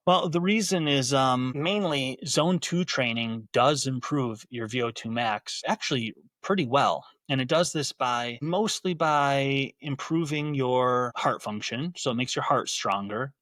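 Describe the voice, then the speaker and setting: A man's voice: medium pitch, a bit bright, no room sound. A man hosting a fitness podcast, explaining training in a casual, conversational way and often restarting his sentences. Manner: conversational, repeats words while restarting sentences. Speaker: podcast host and gym coach.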